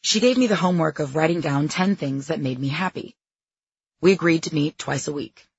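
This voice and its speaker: Husky woman reading her memoir. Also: low voice, brisk, highs cut off. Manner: candid, self-deprecating storytelling. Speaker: memoir narrator. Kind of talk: audiobook memoir narration.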